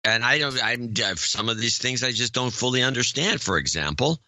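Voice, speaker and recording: A man's voice: mid-range voice, animated, fairly quick, pushed and bright, no echo. A man from California, co-hosting a podcast, telling a long rambling story with wry asides. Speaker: podcast co-host. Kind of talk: casual chat.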